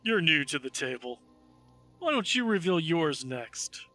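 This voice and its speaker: A man voicing a huge tattooed male goliath who speaks slowly and with quiet menace. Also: on the high side, sing-song, soft background music, heavily acted. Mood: smug.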